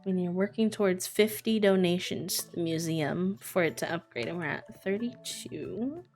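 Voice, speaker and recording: Young woman streaming, kinda low voice, chill and chatty w/ chat, soft game music behind. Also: normal speed. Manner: relaxed, chatty, talks to chat between tasks. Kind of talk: casual live-stream gameplay chat.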